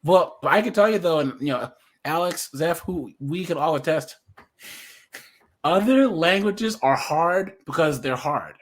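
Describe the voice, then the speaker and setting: A chatty man hosting a casual livestream. His voice sits a touch high, and he laughs often and jumps into shrill imitations. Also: expressive, measured pace. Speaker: livestream commentary host.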